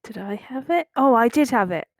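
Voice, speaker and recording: A woman's voice: a little high, animated, normal speed, dry recording, studio quality. A woman playing a tabletop game, giggly and a little unsure. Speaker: player.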